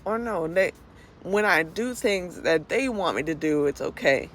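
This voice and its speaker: A woman's voice: fairly low pitch, lively intonation, unhurried, a bit bright, a little hiss or hum. A woman venting in an unscripted personal vlog, blunt and profane, often restarting her sentences out of frustration. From Florida. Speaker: vlogger.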